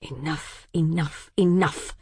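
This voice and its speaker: A woman's voice: low voice, fairly even intonation, slow pace, mellow, breathy edge, no echo, heavily acted. A woman voicing a stern, dismissive older male city patriarch who speaks in a dry, clipped voice. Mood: cold. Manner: cold, curt pronouncements.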